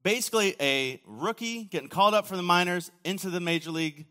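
A man preaching a sermon, telling the story casually with acted quotes, often dropping to a quiet, low voice. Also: fast talker. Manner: casual storytelling with acted quotes and sudden drops to near-whisper. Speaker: pastor. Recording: long hall reverb.

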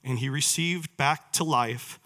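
A man preaches a sermon in a medium-pitched voice at a measured pace, his tone bright and forceful. He reads verses of scripture aloud and poses questions to his listeners.

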